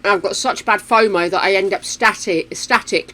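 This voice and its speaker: A woman's voice: medium pitch, moderate pace, pushed and bright. A woman, chatting casually while streaming a game at home, playful and full of exclamations. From United Kingdom. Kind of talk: casual gameplay chat. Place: home room with a fan running.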